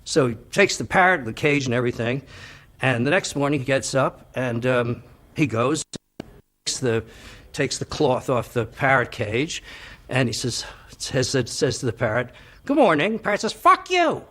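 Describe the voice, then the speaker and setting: A man's voice: medium pitch, moderate pace, fairly bright tone. A man telling a long joke, rambling with fillers and repeated "he says". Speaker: joke teller.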